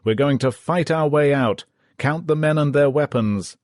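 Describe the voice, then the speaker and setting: A man's voice: medium pitch, sing-song, unhurried, a little mellow, dry recording, studio quality, pitched above the performer's own voice. A man voicing a fanatical army captain who roars his orders, in an audiobook reading. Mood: defiant. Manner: roaring, commanding.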